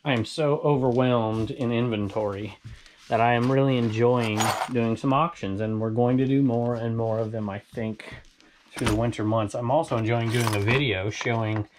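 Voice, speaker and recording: Talking straight to his audience, this reseller vlogger from Southern California rambles chattily as he displays the goods he resells. He speaks at a moderate pace with medium pitch, fairly even intonation and a darkish tone, over slight background noise.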